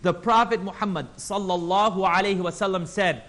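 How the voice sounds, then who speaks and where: A man teaching a religious class, animated, acting out quotes in voices and asking the audience questions. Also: high-pitched, brisk. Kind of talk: Islamic class lecture.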